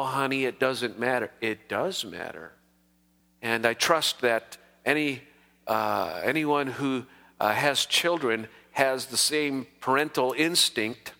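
A man's voice: medium pitch, bright, forceful tone, long reverb tail. A man preaching as a pastor, emphatic and given to repeating words for stress. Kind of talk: sermon.

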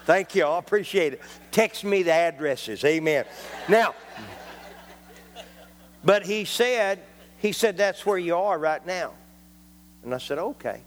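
A man's voice: on the high side, long reverb tail, a little hiss or hum. A man preaching a folksy, joking sermon in a church, dropping frequent amens. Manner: folksy, jokey, punctuated with amens. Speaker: traveling preacher.

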